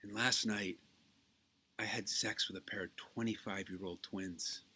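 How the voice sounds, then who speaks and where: A man voicing an elderly, cheeky gentleman confessing in a joke. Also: lowish voice, steady tone, measured pace, slightly rough, exaggerated voice. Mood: matter-of-fact. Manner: matter-of-fact, cheeky.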